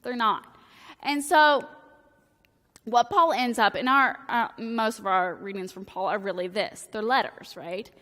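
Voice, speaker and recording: A woman's voice: fairly high pitch, measured pace, fairly bright tone, in a large hall. A woman preaching a sermon in a church, casual and joking, peppering her talk with "like". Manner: casual, joking, talks in valley-girl-like "like" phrasing. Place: church sanctuary.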